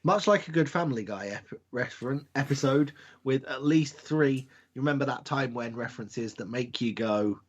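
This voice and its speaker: A man's voice: mid-range voice, moderate pace, few pauses. A man co-hosting a podcast, trading dry, teasing banter. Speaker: podcast co-host. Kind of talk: casual chat. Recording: dull lo-fi recording.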